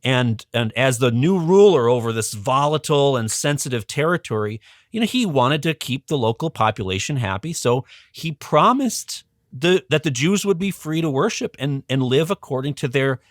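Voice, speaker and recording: A man's voice: medium pitch, animated, moderate pace, no echo, clean studio sound. A man as a guest educator, explaining history in a casual, conversational way with frequent ums and restarts.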